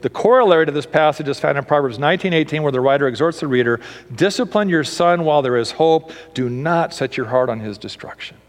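A man preaching a sermon, emphatic, swinging between raised and hushed delivery. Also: fairly high pitch, fast talker, in a large hall.

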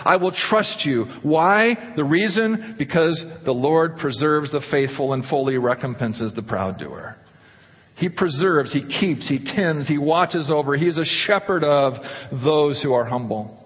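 A man preaching a sermon, animated, putting questions to the congregation. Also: mid-range voice, husky. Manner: animated, asks the congregation questions, acts out quotes. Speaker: pastor. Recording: dull, echoey church hall recording.

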